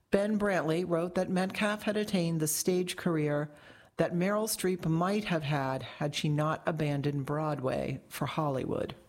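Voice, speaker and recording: Reading a magazine article aloud as scripted narration, this woman has a slightly low voice for a woman. Her delivery of the long-form piece is measured and articulate.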